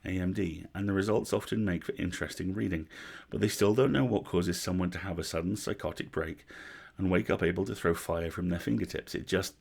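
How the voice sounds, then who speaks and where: A man reading a story aloud on a livestream, measured, with wry asides. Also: sits low, creaky, darkish tone, breathy edge. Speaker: story reader.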